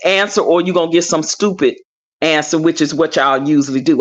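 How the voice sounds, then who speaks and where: A woman's voice: low voice, a little fast, highs cut off. A woman co-host in casual chat, speaking frankly for women with hesitant restarts.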